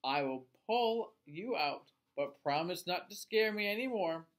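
A man's voice: high-pitched, animated, unhurried. A man doing a lonely little old lady. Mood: gentle.

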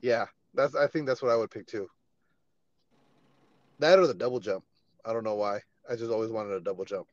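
A man hosting a casual podcast chat, laid-back and quick to laugh and swear. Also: on the low side, dry recording, highs cut off. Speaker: podcast host.

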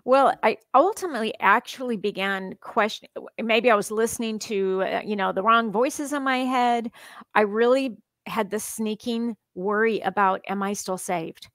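A woman guest on a podcast, talking in an animated, earnest way and laughing often. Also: on the high side, normal speed, no room sound. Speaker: podcast guest, psychologist and author. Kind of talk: casual conversational interview.

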